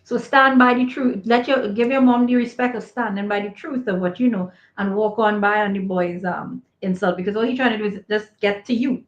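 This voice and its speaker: A woman's voice: medium pitch, fairly even intonation, brisk, hardly any pauses. A woman who co-hosts a podcast and once worked as a school counselor, giving candid advice and repeating her points for emphasis. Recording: echoey, slightly dull remote audio.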